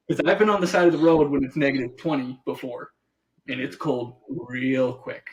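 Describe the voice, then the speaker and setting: A man co-hosting a podcast in casual chat, animated, acting out what other people say and laughing often. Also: medium pitch, normal speed, lo-fi sound, crowd noise. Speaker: podcast co-host.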